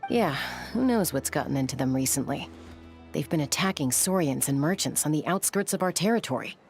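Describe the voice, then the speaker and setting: Chaska, low lively voice, brisk warrior type. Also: female voice. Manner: brisk and self-assured. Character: confident young woman warrior leader. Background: game music.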